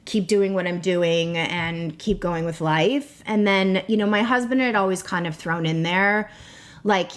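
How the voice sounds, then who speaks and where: A woman's voice: fairly low pitch, unhurried. A woman in her thirties, a podcast guest telling her own story in a talkative way, full of fillers and close to tears at times. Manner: talkative, many "like" and "you know" fillers, tearful at times. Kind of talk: emotional personal storytelling.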